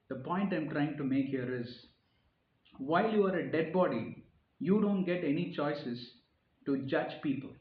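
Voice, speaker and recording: A man's voice: a little high, roomy sound, lo-fi sound. A man giving an earnest, sermon-like reflection, often repeating phrases and pushing his key points harder. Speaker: speaker giving a reflective talk. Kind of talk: informal sermon-style reflection.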